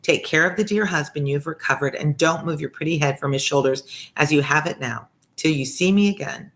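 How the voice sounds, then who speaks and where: A woman reading the part of a prim, loyal, middle-aged English governess in a brisk, emphatic, fussy manner. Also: deep voice, a bit bright.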